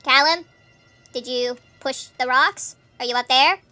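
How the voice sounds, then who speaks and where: High bright sped-up woman gamer. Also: measured pace. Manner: chatty, thinking aloud with frequent laughs and fillers. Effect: sped-up nightcore pitch shift. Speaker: gameplay streamer. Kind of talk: gameplay commentary.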